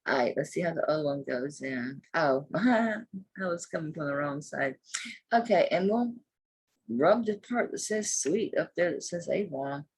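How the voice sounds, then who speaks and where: Husky, chatty woman selling jewelry. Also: low voice, lively intonation, a little slow. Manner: chatty, blunt, cusses freely. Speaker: online jewelry seller. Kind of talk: casual live sales chat.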